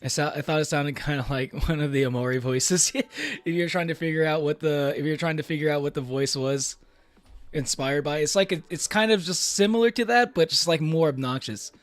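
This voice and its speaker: Speaking fairly quickly in a slightly high voice, a young streamer rambles casually to his viewers, laughing frequently and restarting with many fillers. There's no echo, and faint music plays behind him.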